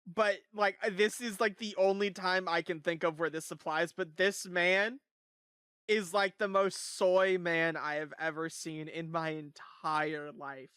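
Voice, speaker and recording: A streamer talks over a video in live reaction commentary, with a bright, sharp tone up close on a dry mic. The talk rambles through fillers and spills into disbelieving giggles. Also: medium pitch, steady tone, unhurried, clean tone, no room sound.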